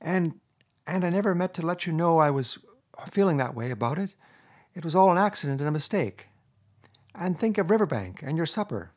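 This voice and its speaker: A man voicing a timid, tearful male mole who talks in broken sobs, with a husky voice. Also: on the high side, expressive, fairly quick, pitched above the performer's own voice. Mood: pleading. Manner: sobbing, broken pleading.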